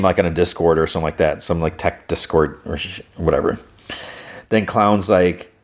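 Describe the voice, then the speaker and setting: A man with a deep, low voice talks through an episode recap in a loose, conversational way. He rattles off the characters' lines one after another and leans on fillers as he goes. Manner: recounts scenes with quick quoted dialogue, many fillers. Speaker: podcast host.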